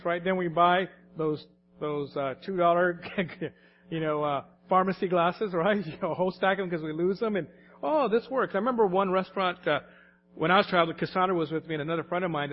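High-voiced man preaching casually. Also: lo-fi sound, slight background noise. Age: late 40s or older. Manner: conversational, anecdotal, laughs often. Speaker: pastor. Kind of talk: sermon.

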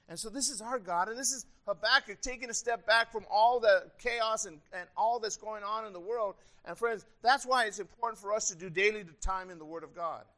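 A man's voice: high-pitched, fairly quick, hardly any pauses, a bit bright. A man preaching a sermon as pastor, earnest and conversational, with a slightly strained throat.

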